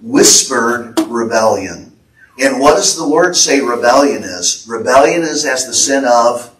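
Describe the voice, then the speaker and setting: A man's voice: medium pitch, animated, moderate pace, a bit bright, a little hiss or hum. A man with an American accent preaching a fervent sermon and relaying prophetic words as the pastor. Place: church sanctuary. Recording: echoey church hall, voice from a distance.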